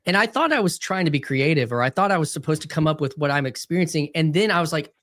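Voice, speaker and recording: Halting man hosting a conversation. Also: on the high side, animated, a bit bright. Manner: thoughtful, halting delivery with restarts. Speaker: podcast host. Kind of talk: casual conversation.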